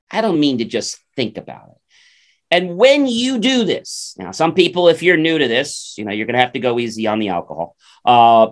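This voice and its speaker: A man co-hosting a motivational talk show, acting out little dialogues in changing voices as he makes his points. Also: a little high. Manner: animated, acts out little dialogues in character voices. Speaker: co-host.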